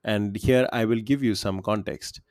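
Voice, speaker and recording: A man's voice: fairly low pitch, normal speed, a little mellow, dry recording, studio quality. A man co-hosting a quiz podcast, chatting casually and laughing often.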